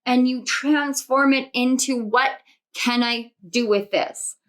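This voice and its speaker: A woman's voice: high-pitched, steady tone, takes it slowly, fairly bright tone. A young adult woman giving an intuitive tarot reading to camera, earnest and reflective, often repeating her phrases. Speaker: tarot reader.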